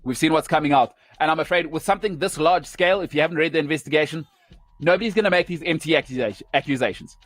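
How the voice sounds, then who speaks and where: A man's voice: a little high, quick pace, no echo, soft background music. A man hosting a sports show, delivering an opinionated rant in emphatic, punchy short phrases.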